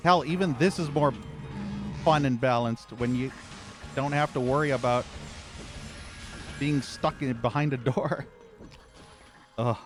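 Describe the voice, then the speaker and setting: A man's voice: medium pitch, a little slow, long pauses, soft background music. A man streaming a horror game, ranting with angry, profane commentary and exasperated sighs as he plays. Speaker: gaming streamer.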